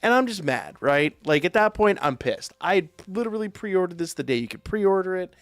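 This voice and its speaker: A man streaming live, telling a profane, animated story in a casual way. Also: high-pitched, normal speed, no echo, faint music behind. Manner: profane, animated anecdote with quoted voices.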